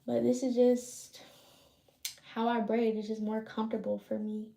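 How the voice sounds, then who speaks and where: A woman's voice: a little high, flat delivery, normal speed, gravelly, warm tone. A woman livestreaming, chatting casually with her viewers while she braids her hair. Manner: loose, chatty, talks to viewers. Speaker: livestream host. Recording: roomy echo.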